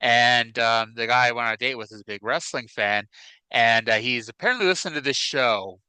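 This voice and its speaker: A man in his forties from the northern USA co-hosts a podcast, chatting casually and telling meandering stories packed with "like" and "you know." His mid-range voice is bright, clean, well-defined and smooth, and he talks briskly. The recording is close and dry with no room sound, though the audio quality is poor.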